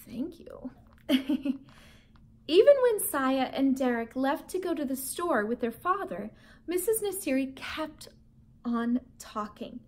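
Expressive high-voiced teacher reading aloud. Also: female voice, measured pace. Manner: expressive, animated storytelling. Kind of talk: reading a children's book aloud.

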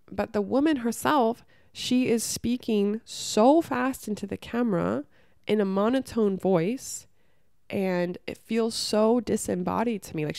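A young adult woman hosting a podcast, talking candidly and bluntly. She swears freely, says "like" constantly, and tells stories with lively acted-out reactions. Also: medium pitch, creaky, dry recording, clean studio sound. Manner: animated storytelling, acts out her own reactions. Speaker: podcast host. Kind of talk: candid casual chat.

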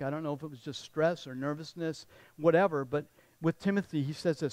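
A man's voice: on the high side, fairly quick, darkish tone, no room sound, poor audio. A man pastor giving a conversational sermon, often repeating words and restarting sentences.

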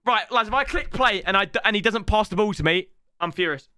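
A man giving excitable, swear-laden reaction commentary to his viewers. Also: high-pitched, fairly quick, soft background music. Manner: excitable, swears, keeps addressing viewers as lads. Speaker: gaming YouTuber reacting to match footage.

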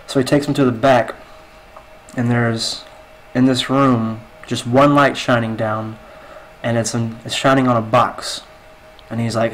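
Game player telling a joke, rambling delivery, flat mid-pitched voice. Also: male voice, measured pace, slight background noise, low-quality recording. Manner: rambling, restarts often.

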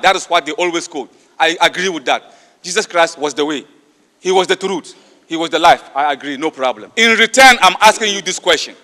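A man's voice: fairly high pitch, brisk, bright, forceful tone. A man giving an emphatic public debate speech, firing rhetorical questions at the audience. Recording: long hall reverb.

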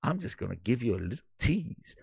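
A man doing a comic impression of a famous console architect: a low, muttering voice, indignant and swearing. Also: sing-song, a little fast, creaky, darkish tone, slightly rough, no room sound, studio quality, exaggerated voice. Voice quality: low, muttering, mumbled under the breath.

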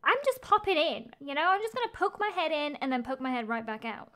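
Talking fast, this streamer calls out her own plays with excitable energy in a bright, high-pitched voice. Her running thoughts spill out constantly as she responds to each new turn in the game.

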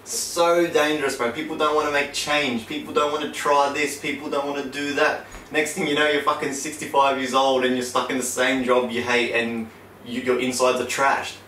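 Young guy, podcast co-host, sweary and animated storyteller; distant, roomy backup-mic sound. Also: medium pitch, fairly quick, slight background noise. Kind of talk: casual chat.

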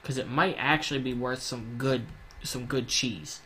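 A man talks through his gameplay in a loose, rambling way, cursing freely and slipping into heated rants. His pitch sits in an ordinary middle range. A faint hum of noise runs underneath. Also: measured pace, bright, forceful tone. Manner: rambling, profane, ranting. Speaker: gaming YouTuber. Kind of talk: casual gameplay commentary.

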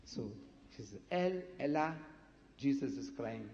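A man's voice: medium pitch, lively intonation, a little slow, a little mellow. Rhetorical man debating in an echoey hall. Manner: rhetorical, emphatic, quizzes the audience. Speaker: debater addressing an audience. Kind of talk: public debate speech. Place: lecture hall before a live audience. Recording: echoey hall, dull lo-fi sound.

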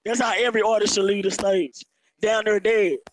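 Male rapper, hoarse after a show, hyped and boastful, high-pitched. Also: moderate pace, slight background noise, poor audio. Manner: excited, boastful. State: hoarse from performing. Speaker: hip-hop artist. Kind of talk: casual interview talk. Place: music festival venue.

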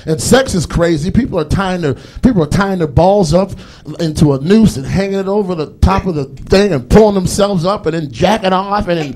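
A man's voice: high voice, brisk, few pauses, a little mellow. A man doing a loose, rambling stand-up comedy set on stage, acting out voices as he goes. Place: comedy stage before a live audience.

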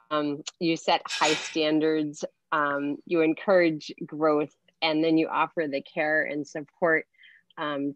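A woman's voice: low voice, no echo, lo-fi sound. A woman on a video call giving a hesitant farewell tribute, full of fillers and restarts. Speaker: school district staff member.

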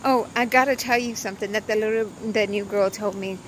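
A woman's voice: medium pitch, steady tone, fairly quick, a little hiss or hum, rough recording. A young woman, rambling through a casual vlog from her car with lots of fillers. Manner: rambling storytelling with many fillers. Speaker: vlogger. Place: in her car before work.

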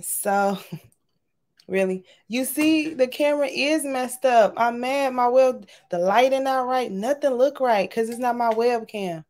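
A woman, hosting a casual craft livestream from home, chatting and greeting viewers by name in an animated way. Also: fairly high pitch, a little slow. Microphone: webcam or laptop camera.

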